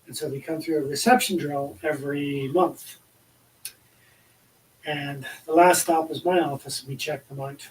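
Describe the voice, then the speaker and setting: A man, a National Guard soldier, telling a story in a brisk, wry, low-key way. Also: fairly even intonation, recorded from a distance, low-quality recording. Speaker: Army National Guard soldier, host's husband. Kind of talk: casual storytelling.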